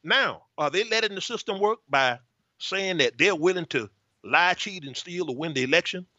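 An older male pastor talks earnestly, pausing often on uh as he makes his point. His voice is bright and forward. The recording is dry and dull. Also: high voice, expressive, no room sound. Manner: earnest, with frequent uh fillers. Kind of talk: conversational talk show guest. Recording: dull lo-fi sound.

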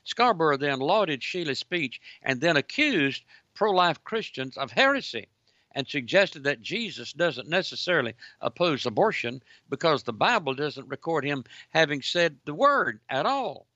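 A man hosts a Christian call-in radio show and delivers indignant, preaching commentary. His voice is bright and forceful with a slightly raised pitch. The sound is dry and dull, like lo-fi broadcast audio. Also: very animated, moderate pace, no echo. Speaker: radio talk host.

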